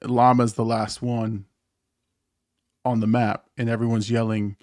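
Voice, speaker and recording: A man hosting a casual live-stream chat, telling a gaming story with frequent laughs, stammers and high-pitched mimicry of others. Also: flat delivery, unhurried, darkish tone, no echo, studio quality. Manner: laughs often, stammers and restarts. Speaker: podcast host.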